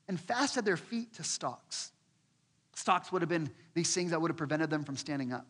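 A man's voice: fairly high pitch, brisk, husky, big-room sound. A man preaching a sermon, telling a scripture story and acting out the inner voices of the people in it. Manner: expressive preaching, acts out quoted voices, repeats words when building. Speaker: pastor.

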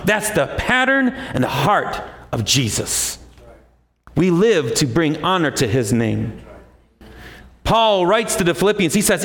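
A man preaching a sermon, emphatic, rising often to a high, forceful pitch. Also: very animated, moderate pace. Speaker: pastor.

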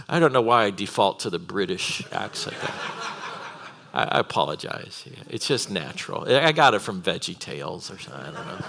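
A man teaching a Bible conference session, earnest and building from quiet reflection to fervent emphasis. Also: low-pitched, sing-song, moderate pace, creaky.

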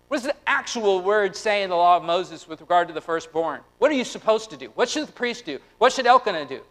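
A man in his thirties preaching a lively, conversational sermon, acting out quotes and turning quiet and tender at personal moments. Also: high voice, fairly quick, few pauses, low-quality recording. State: close to tears. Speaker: pastor.

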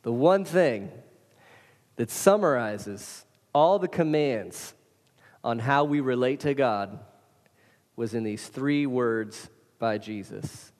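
A man's voice: mid-range voice, expressive, slow pace, a little mellow. A man preaching a sermon as pastor, casual and emphatic, speaking straight to his congregation. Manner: casual, emphatic preaching with direct address to listeners. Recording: hall reverb.

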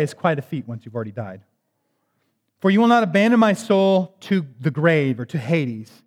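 A man with a high voice preaches a sermon, reading scripture aloud and unpacking it in a conversational, emphatic way with wry asides. His voice rings out with a long hall reverb, as if recorded in a church sanctuary.

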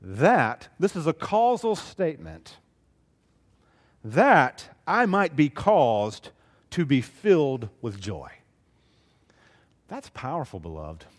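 A middle-aged Southern pastor delivers an earnest sermon, his pitch rising and falling in lively arcs. He leans into big emphatic lines and then drops to near-whispered asides. A long hall reverb trails every phrase. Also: slow pace, long pauses. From Southeast Alabama, US. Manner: earnest, expressive preaching, swings between loud and hushed.

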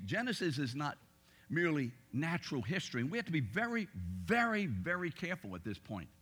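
A middle-aged man teaching a Bible class in a plain, middle-pitched voice. He talks conversationally and with emphasis, putting rhetorical questions to his listeners. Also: a bit bright.

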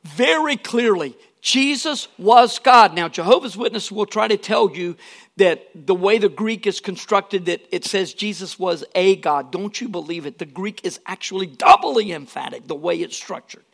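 Gravelly-voiced man preaching a sermon. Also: sits high, moderate pace. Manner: earnest, emphatic preaching with asides. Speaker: pastor.

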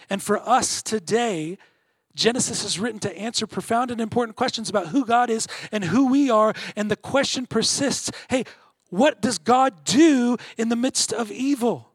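A man preaching a sermon, earnest, swelling louder on key points and dropping quiet between them. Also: extremely high pitch, moderate pace, slightly rough, no room sound. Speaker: pastor.

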